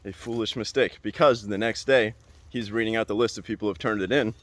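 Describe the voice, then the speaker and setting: A young adult man hosting a podcast, telling a story in a casual, animated way and repeating phrases for emphasis. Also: lowish voice, quick pace, dry recording. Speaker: podcast host.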